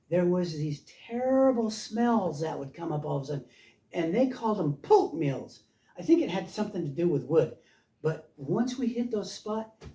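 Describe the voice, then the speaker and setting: A man's voice: high voice, warm tone. An older man telling playful, meandering childhood stories at a house by the ocean. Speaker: storyteller, guest. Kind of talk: rambling storytelling. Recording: roomy, far from the mic.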